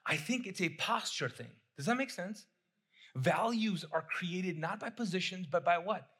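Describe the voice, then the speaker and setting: Husky, bright-voiced middle-aged male pastor. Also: sits high, lively intonation, normal speed. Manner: conversational, repeats phrases, asks the congregation questions. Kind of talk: sermon.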